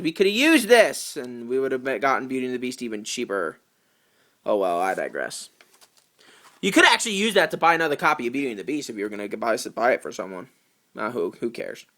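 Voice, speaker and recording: A man's voice: medium pitch, fairly bright tone. A young man from New York giving casual unboxing commentary as a video collector, chatty and full of jokey asides.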